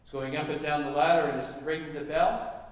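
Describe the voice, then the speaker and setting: An exasperated young woman voiced by a man keeps insisting her parrot is defective, her voice pushed higher. The sound comes from far off in a big echoing hall with a long reverb tail. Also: fairly even intonation, fairly quick, close to an everyday voice. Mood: complaining. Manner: exasperated complaining. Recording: echoey hall, mic far off.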